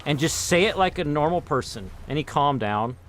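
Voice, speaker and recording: Lively, animated male gamer. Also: a little high, moderate pace, a little hiss or hum. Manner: animated storytelling with put-on voices. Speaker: streamer. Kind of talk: casual chat while gaming.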